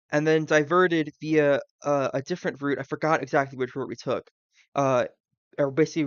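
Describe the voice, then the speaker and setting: A man's voice: on the high side, clean tone, dry recording, lo-fi sound. A man from the Southern US, streaming live and thinking aloud, rambling with fillers and side tangents.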